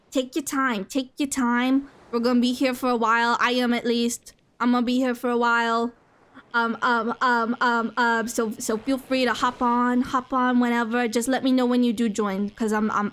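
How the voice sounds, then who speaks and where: A woman's voice: sits high, fairly bright tone. A woman streaming a fishing game, chattering to her chat in a bubbly way, gasping with delight and repeating her lines playfully. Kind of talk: casual gaming stream chatter.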